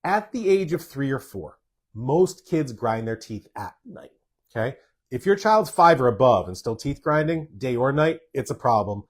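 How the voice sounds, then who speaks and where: Reading viewer comments during a live Q&A, a doctor gives straightforward, no-nonsense answers to each question he voices. He speaks at a moderate pace with medium pitch, a lively intonation, and a husky quality.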